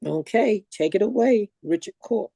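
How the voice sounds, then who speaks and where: Chatty woman host with a mellow voice. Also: mid-range voice, lively intonation, moderate pace, gravelly, dry recording. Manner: chatty, meandering instructions. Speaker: host of online comedy marathon. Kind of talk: casual hosting over a video call. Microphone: video call.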